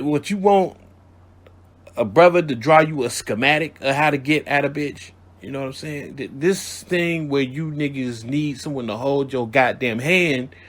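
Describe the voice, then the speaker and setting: A man hosting a radio show, giving listeners blunt, profane, streetwise dating advice in a casual monologue. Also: a little high.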